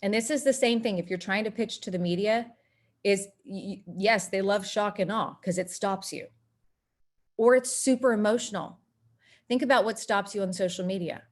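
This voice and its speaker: A woman from North Texas, presenting an online workshop and acting out quotes in lively voices. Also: normal speed. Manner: animated, acts out quoted voices with big pitch jumps.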